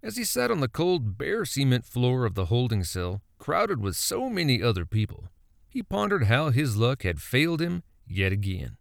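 A man narrating a folksy story in an animated, storytelling manner. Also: medium pitch, normal speed, creaky, no echo, clean studio sound.

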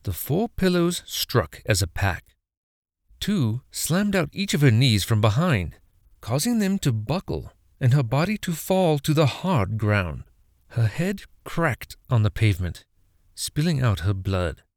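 A man telling a horror story as a narrator, in an expressive, dramatic reading. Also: mid-range voice, a little slow, dry recording, studio quality.

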